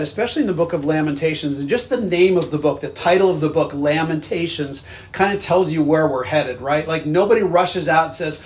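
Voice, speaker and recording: Male pastor, high voice, earnest conversational sermon delivery. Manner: conversational, earnest, with frequent restarts.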